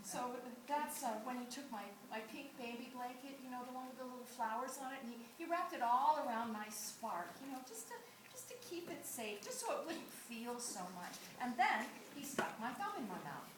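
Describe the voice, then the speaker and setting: A woman performing an animated storytelling monologue on a theatre stage, often laughing as she talks. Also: sits high, normal speed. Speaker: actor in a solo play. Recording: echoey theatre audio from far off with loud room noise.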